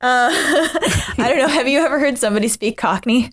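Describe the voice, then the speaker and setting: Rambly woman co-host, kinda high voice, laughs a lot. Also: animated, normal speed, a bit bright. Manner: chatty, rambling, laughs often. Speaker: podcast co-host. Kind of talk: casual chat.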